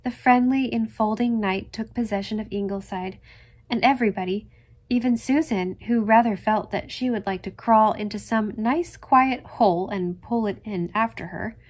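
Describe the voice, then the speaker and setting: A woman reading a classic novel aloud as narrator, gentle and measured. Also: mid-range voice. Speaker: audiobook reader. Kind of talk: scripted narration.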